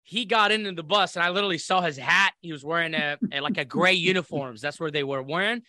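A little high and quick, this Iraqi podcast guest tells an animated story in casual conversation, acting out the voices of those he quotes. Clean studio sound, with no echo.

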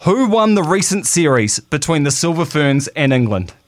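A man's voice: a little high, big pitch swings, normal speed. A man with a New Zealand accent co-hosting sports radio, running a caller quiz and reading an ad in a chatty, upbeat way. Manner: upbeat, chatty, laughs easily. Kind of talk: radio quiz and live ad read. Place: radio studio.

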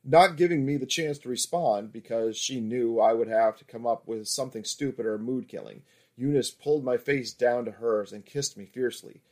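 A man narrating an erotic audiobook in the first person, steady and intimate. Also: mid-range voice, normal speed.

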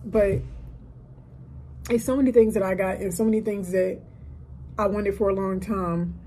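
A woman's voice: medium pitch, dark tone, slight background noise, low-quality recording. A woman of 30 hosting a solo podcast from a hotel room, talking in a heartfelt, emphatic, motivational way. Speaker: podcast host. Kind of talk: casual solo podcast talk.

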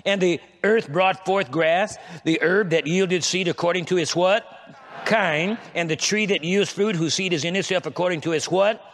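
A man's voice: high voice, normal speed, a bit bright, a little hiss or hum. A man preaching a sermon as pastor, leading the congregation in call-and-response and often stumbling over repeated words as he builds his point. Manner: repetitive, stammering restarts when making a point. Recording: long reverb of a large church hall.

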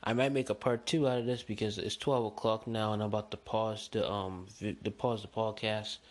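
A young man hosting a solo podcast, chatting in a rambling, excitable, slangy way. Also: on the low side, a little fast. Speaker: podcast host. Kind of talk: casual solo podcast chat.

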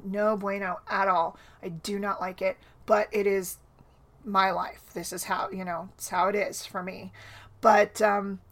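A woman's voice: medium pitch, fairly bright tone. A woman hosting a casual solo podcast, talking in a chatty, rambling way with frequent restarts and tag questions, foggy from a sinus headache. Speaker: podcast host.

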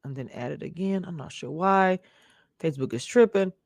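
A woman's voice: on the low side, fairly quick, a little mellow, dry recording. A woman hosting a casual live stream, chatting straight to her viewers and laughing often as she talks. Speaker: live-stream show reviewer.

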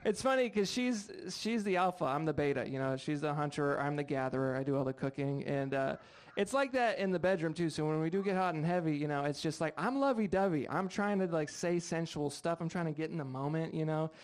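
A young man doing stand-up on stage, his voice sitting a bit high for a man. He chats loosely and pokes fun at himself, breaking off to banter with people in the audience. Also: lively intonation, fairly quick, few pauses. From United States. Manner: self-deprecating, chatty, talks to the crowd. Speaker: stand-up comedian. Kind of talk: stand-up comedy set. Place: live comedy show with audience.

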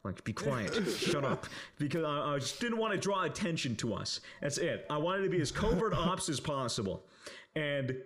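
A man's voice: on the high side, very animated, normal speed, fairly bright tone. Rambling young man telling a story. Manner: rambling, filler-heavy, swears often, laughs while telling. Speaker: podcast co-host. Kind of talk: casual storytelling.

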